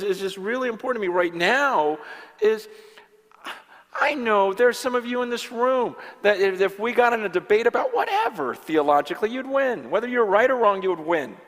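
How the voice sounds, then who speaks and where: A man's voice: high-pitched, a bit bright. A man preaching at a conference in an earnest, rambling way, acting out the voices he quotes. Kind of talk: conference sermon. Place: large conference hall. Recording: long hall reverb.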